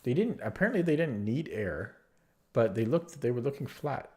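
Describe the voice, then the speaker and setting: A man's voice: mid-range voice, sing-song, normal speed, darkish tone. A man with a nasal, allergy-stuffed voice thinking aloud as he plays online chess, muttering his moves to himself. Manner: muttering move calls to himself, hesitant. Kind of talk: thinking-aloud game commentary.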